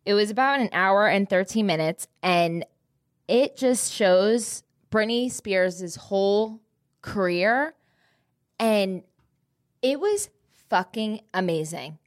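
Woman co-host, mid-pitched, gossipy chat, curses freely. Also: expressive, slow, no echo, clean studio sound. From Texas. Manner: gossipy, swears freely, laughs often. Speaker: podcast co-host. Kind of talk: casual chat and ad reads.

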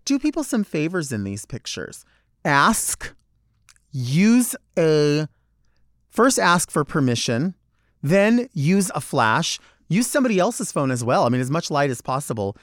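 A man's voice: on the high side, dry recording, clean studio sound. A man, a drag performer, giving a blunt and profane monologue, acting out other people's lines as he goes. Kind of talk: candid monologue.

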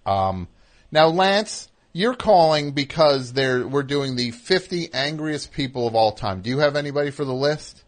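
A man hosting a call-in radio show, chatting casually with a rambling, animated manner that drifts off quietly at times. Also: mid-range voice, normal speed.

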